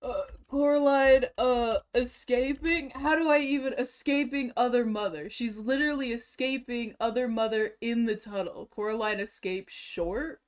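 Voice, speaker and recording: A young woman with a slightly raised pitch chats casually as a streamer reacting to videos. She is excitable and giggly, laughing often as she talks. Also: moderate pace, few pauses.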